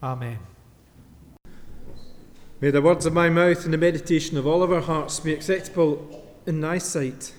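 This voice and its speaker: A man delivers a sermon, pausing for effect as he tells his story. His voice sits high for a man. A long church reverb trails every phrase. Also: steady tone. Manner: storytelling with dramatic pauses. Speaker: minister. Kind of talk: sermon with Bible reading.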